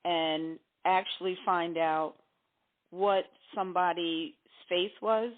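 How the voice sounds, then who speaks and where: A woman's voice: on the low side, steady tone, takes it slowly, slight background noise. A woman co-hosting a casual talk show, speaking in a preachy way and acting out quoted voices. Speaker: co-host. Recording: tinny phone-like audio.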